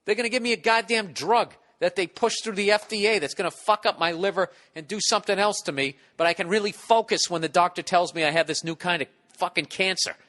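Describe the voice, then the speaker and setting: A man in his forties, a comedy podcast host, rambling through a profane, animated story into a studio mic. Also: high-pitched, fast talker, hardly any pauses. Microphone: studio mic with windscreen.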